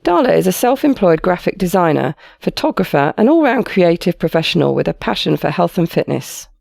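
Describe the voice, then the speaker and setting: Gravelly, lively-voiced woman podcast host. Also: fairly low pitch, brisk, no room sound, studio quality. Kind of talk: podcast intro and interview.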